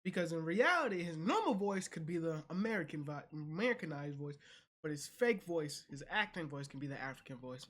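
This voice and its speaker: A woman's voice: sits low, very animated, brisk. A woman hosting a reaction video, commenting casually and repeating her points.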